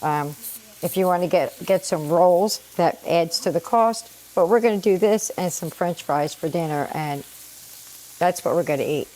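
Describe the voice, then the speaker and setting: A middle-aged woman hosting her own cooking channel explains each step of her home cooking casually. Her lowish voice is mellow and slightly scratchy from allergies, at a moderate pace, over the sound of a sizzling pan.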